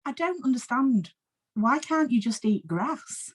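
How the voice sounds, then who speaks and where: Dead cow ghost, put on by a woman, wide-swinging squeals, wounded and gullible, insecure and easily flattered, slightly higher than usual. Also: a little slow, slightly rough. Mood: appalled. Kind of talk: improvised comedy scene.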